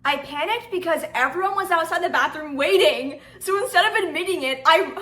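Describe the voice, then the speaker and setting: A woman reading confessions aloud and reacting in chatty, animated commentary, laughing often and exclaiming in disbelief. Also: very high-pitched, fairly quick, hardly any pauses. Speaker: storytelling comedy host.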